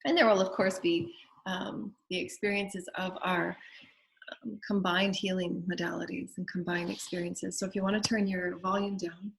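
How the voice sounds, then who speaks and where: A woman's voice: on the low side, little pitch movement, normal speed, vocal fry, a little hiss or hum. A woman with a Southern US accent hosting a spiritual show, leading guided affirmations and prayer in a repetitive, incantatory way.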